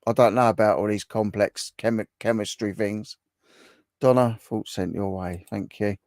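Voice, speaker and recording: A man's voice: lowish voice, fairly even intonation, moderate pace, a little mellow, no echo, studio quality. A man hosting a casual livestream, reading viewer comments aloud and chatting with them in a bantering, repetitive way. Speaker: livestream host.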